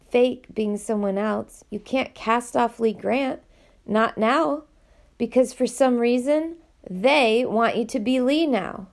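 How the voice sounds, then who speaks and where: A woman voicing a weary, sympathetic middle-aged male headmaster, speaking gently and apologetically in an audiobook reading. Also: on the high side, vocal fry.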